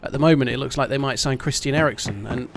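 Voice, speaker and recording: A man's voice: mid-range voice, fast, creaky, slight background noise. A man chatting casually on a live game stream at home, swearing freely and thanking his supporters. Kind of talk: casual live-stream chat while gaming.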